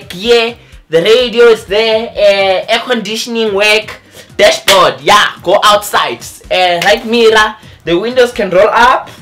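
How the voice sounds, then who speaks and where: A young man from South Africa telling an animated storytime vlog, acting out the other people's voices. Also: high voice. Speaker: vlogger.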